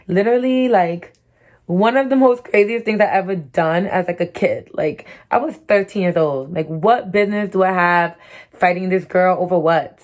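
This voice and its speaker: A woman's voice: lowish voice, darkish tone. A young woman vlogger telling a frank, chatty storytime while getting ready, swearing freely and saying "like" a lot.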